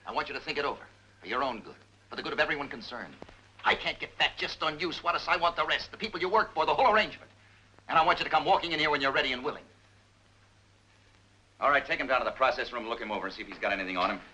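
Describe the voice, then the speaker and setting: A driven police captain. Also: male voice, mid-range voice, slight background noise, poor audio. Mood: interrogating. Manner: forceful, pressing, rapid interrogator. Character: tough driven police captain, stubborn and hard-pressing.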